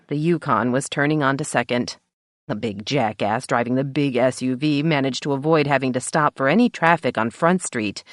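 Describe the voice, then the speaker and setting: A woman's voice: very deep voice, no echo. A woman narrating an audiobook in first person, with a wry storytelling manner, on a close mic. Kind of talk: scripted narration.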